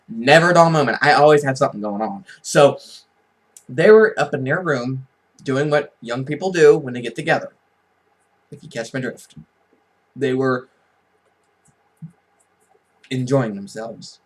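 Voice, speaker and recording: A man's voice: mid-range voice, lively intonation, a little slow, long pauses, low-quality recording. Chatty man telling rambling stories. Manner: rambling, chatty, laughs at own jokes. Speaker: vlogger. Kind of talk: casual storytelling.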